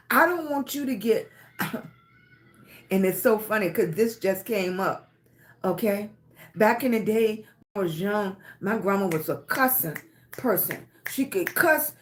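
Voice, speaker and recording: A middle-aged woman hosting a livestream, giving a casual motivational talk in an emphatic way, repeating her points and checking in with "okay?" and "right?". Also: on the high side. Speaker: livestream host.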